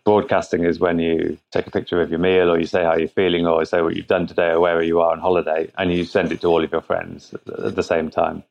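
Guy talking over a call, deep gravelly voice, stops and restarts a lot, sound a bit muffled. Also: level tone, a little mellow. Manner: thoughtful, halting, frequent restarts. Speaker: guest, product founder. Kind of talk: conversational interview answers. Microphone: remote internet call. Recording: muffled remote call audio.

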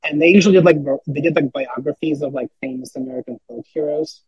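Male podcast guest, husky, a touch high, rambling casual delivery with restarts. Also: quick pace, a little mellow, dry recording, highs cut off. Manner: rambling, many fillers and restarts. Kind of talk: casual chat.

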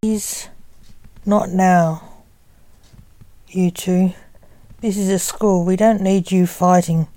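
A man's voice: high voice, steady tone, takes it slowly, long pauses, warm tone, no echo. A woman voicing an impatient young-looking father who speaks curtly. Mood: snappish. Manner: curt, snappy.

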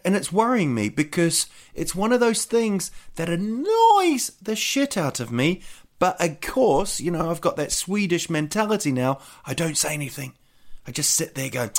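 A man hosting a podcast, delivering a casual comedic rant with swearing and joking asides. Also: medium pitch. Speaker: podcast host.

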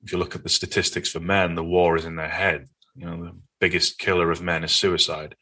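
A low, husky man with a Northern English accent speaks as an interview guest. His tone is bright and forward, and he tells his stories in an earnest, animated way. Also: brisk. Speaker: podcast guest. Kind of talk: conversational interview.

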